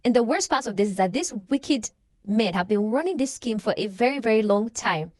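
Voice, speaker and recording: Young woman, casual movie recap, animated storytelling, slightly high voice, dry close sound. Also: brisk, no echo. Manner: animated storyteller, acting out characters' lines. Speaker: movie reaction vlogger.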